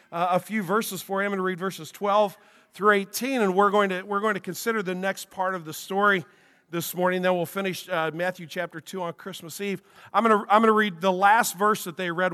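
High-voiced pastor in a reverberant hall. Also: male voice, pushed and bright. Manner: conversational storytelling with frequent restarts. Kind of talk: sermon with personal story. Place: church sanctuary. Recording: long reverb of a church hall.

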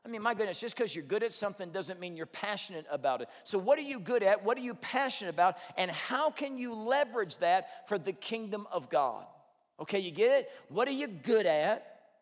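A male pastor preaching a sermon, telling stories in an animated way and acting out both sides of the conversations. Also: high voice, fairly quick. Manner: animated storytelling, acts out both sides of dialogues. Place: church sanctuary. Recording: long hall reverb.

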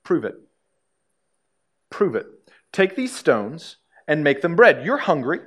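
A man's voice: on the high side, very animated, takes it slowly, a bit bright, slightly rough, heavily acted. A man putting on a sly, taunting devil. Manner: goading, sneering.

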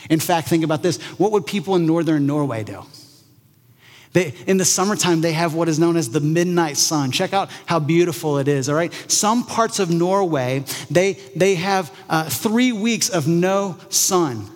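A man preaches to his congregation in a casual, conversational way, slipping into lively voices when he quotes people. His voice sits a bit high for a man. A long reverb trails his words, as in a large hall. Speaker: pastor. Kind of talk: sermon.

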